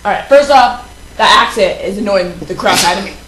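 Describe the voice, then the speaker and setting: A woman's voice: mid-range voice, moderate pace, a bit bright, roomy sound, rough recording. A woman hosting a live morning show, brash and teasing, acting tough. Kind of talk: casual live-show banter. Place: hotel studio.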